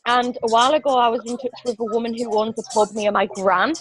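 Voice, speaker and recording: Chatty, slightly high-voiced woman. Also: quick pace, low-quality recording. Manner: chatty, excitable, thinking aloud. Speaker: team member. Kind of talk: casual chat on a team call.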